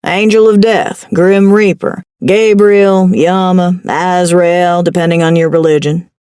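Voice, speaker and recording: A woman voicing an impatient male grim reaper in an audiobook, speaking curtly in a deep southern drawl. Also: fairly even intonation, warm tone, clean tone, no echo, clean studio sound, close to an everyday voice. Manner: curt, brisk, a little annoyed. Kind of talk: audiobook character voice.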